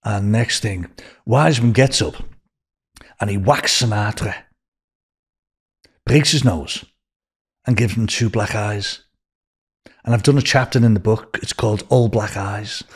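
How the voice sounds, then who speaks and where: An older man with a Liverpool accent, telling rambling, animated anecdotes as a podcast guest. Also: lowish voice, unhurried, pauses often, breathy edge. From Liverpool, England. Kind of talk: casual storytelling.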